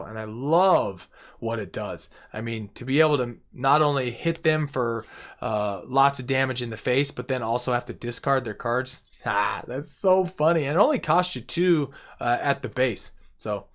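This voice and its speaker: A man's voice: mid-range voice, a bit bright. A man casually walking through a card game deck, playful and gleeful, often repeating words for effect.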